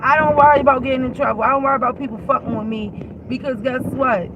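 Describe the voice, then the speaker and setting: A woman with a high voice vents to her followers in a blunt, emphatic, profane way. She talks straight to the camera in casual chat. Wind and road noise sit loudly behind her voice. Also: steady tone, quick pace, phone-quality sound. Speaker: vlogger.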